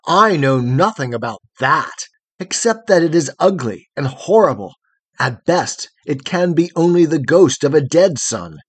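A man reading aloud and voicing a proud young man who is terrified of the dark, talking indignantly and fretfully in a husky voice. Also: mid-range voice, sing-song, a little slow. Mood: fearful, rhapsodic.

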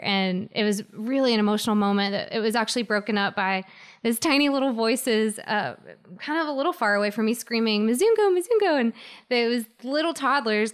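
Earnest woman guest, smooth voice. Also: mid-range voice, fairly bright tone. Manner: earnest, halting with many fillers. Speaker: guest telling her story. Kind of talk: personal storytelling interview.

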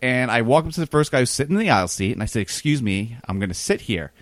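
A man's voice: mid-range voice, expressive, dry recording. A man telling a rambling, self-deprecating travel story in a casual podcast chat. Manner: rambling, self-deprecating, quick anecdotal delivery.

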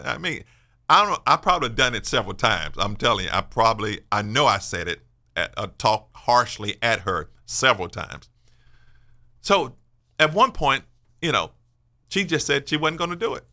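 Forceful, earnest man in his sixties. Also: mid-range voice, very animated, moderate pace. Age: 60s. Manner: earnest, emphatic, personal testimony. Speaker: radio show host. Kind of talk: faith-based radio talk, sermon-like.

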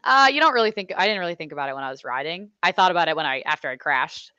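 A woman's voice: sits low, animated, racing, pushed and bright, smooth, no echo, lo-fi sound. Chatty young woman, lots of "like". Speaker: motorcycle racer guest. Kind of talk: casual storytelling interview.

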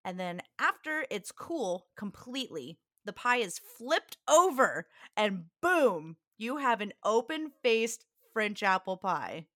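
Young woman, bright, animated delivery, giggly, casual chat. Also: mid-range voice, slow pace, hardly any pauses, dry recording, studio quality. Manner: giggly, reads aloud from notes. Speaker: podcast co-host.

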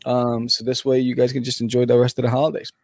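A man's voice: medium pitch, monotone, fast, a little mellow, dry recording. A man co-hosting a casual chat, laid-back with slang and lots of fillers. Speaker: podcast co-host, comic artist.

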